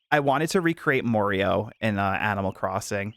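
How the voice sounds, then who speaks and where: A man streaming a game, chatting casually with viewers in an animated, giggly way. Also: lowish voice, moderate pace, gravelly, dry recording.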